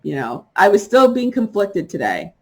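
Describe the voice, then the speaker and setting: A woman's voice: medium pitch, very animated, a little mellow. Middle-aged woman ranting to her viewers, punchy and worked up, laughs here and there. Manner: emphatic, indignant, quick bursts with laughs. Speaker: spiritual vlogger. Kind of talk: casual monologue to viewers.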